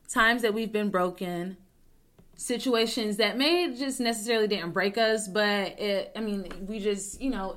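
A young adult woman hosting her own talk show, rambling with many restarts, joking to deflect, swinging between loud bursts and soft mumbles. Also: medium pitch. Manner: rambling, self-interrupting, jokes to deflect. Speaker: podcast host. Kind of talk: casual personal talk show.

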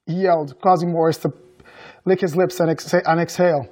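Male author reading his own fiction, high-pitched, measured delivery. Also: fairly even intonation, a little mellow. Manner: measured storytelling with acted dialogue. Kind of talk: reading aloud from his novel.

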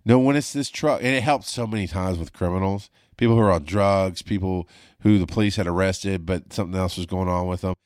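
Low-pitched and a little fast, with a darkish tone, the podcast host speaks over clean studio sound with no echo. He's a former paramedic telling stories in a casual, rambling monologue full of blunt profanity.

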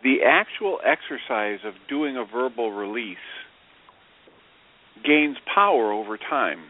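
A man's voice: mid-range voice, lively intonation, measured pace. Reflective male radio co-host on a phone line. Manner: reflective, explanatory. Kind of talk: casual radio talk.

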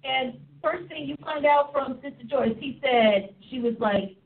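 Brief: exuberant woman show host, high voice, phone-thin sound. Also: measured pace, narrow, tinny audio. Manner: exuberant, preachy, laughing. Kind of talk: lively live show chat.

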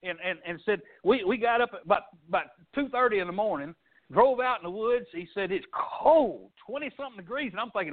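Folksy preacher on a tinny line. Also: male voice, high-pitched, lively intonation, fairly quick. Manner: folksy storytelling preacher, swings loud and soft. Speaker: pastor. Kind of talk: sermon. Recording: tinny phone-like sound.

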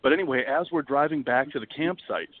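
A man's voice: a little high, fast talker, no echo. Guy on a podcast telling a story all dramatic, dry tinny phone-line sound. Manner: animated, dramatic, swears freely. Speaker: podcast guest, wildlife video producer. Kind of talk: casual storytelling.

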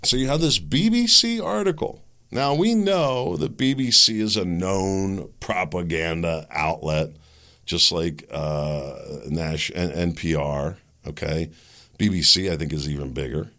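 A man hosting an opinion podcast, talking in an agitated, sarcastic rant full of rhetorical questions and halting restarts. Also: sits low, pushed and bright. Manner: agitated, ranting with sarcastic laughs. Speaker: podcast host.

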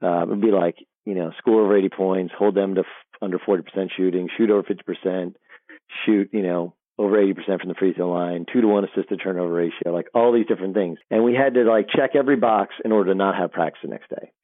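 A middle-aged man, a sports broadcaster, telling animated locker-room stories as an interview guest, often restarting his sentences. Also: low-pitched, quick pace, no room sound. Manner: animated storyteller, frequent restarts. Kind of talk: storytelling interview. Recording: dry tinny phone line.

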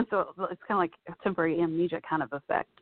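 A woman's voice: on the low side, fast talker, no echo. A woman vlogger telling a personal story in a casual, chatty way, full of "you know" asides. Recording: dry, tinny phone-like sound.

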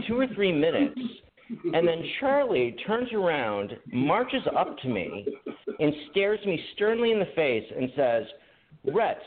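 A man's voice: a little high, big pitch swings, takes it slowly. A man co-hosting a podcast, telling rambling stories in casual chat with frequent laughter. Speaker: podcast co-host. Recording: tinny phone-like line.

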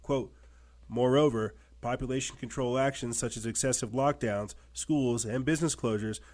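A man's voice: medium pitch, steady tone, normal speed, darkish tone. A man hosting a political commentary show. He reads news articles aloud and breaks into emphatic remarks full of repetition and rhetorical questions.

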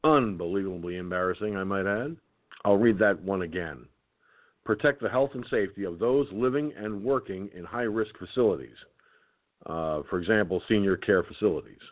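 Tired man reading on a tinny line. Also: low voice. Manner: reads haltingly, stumbles and restarts words. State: tired, keeps yawning. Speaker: internet radio host. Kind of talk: reading a document aloud with commentary.

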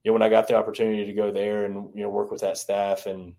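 A man's voice: fairly low pitch, completely flat delivery, fast, gravelly, mellow. A man from the American South, a former baseball strength coach, talking loosely in a podcast interview with lots of restarts. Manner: rambling, many restarts and "you know"s.

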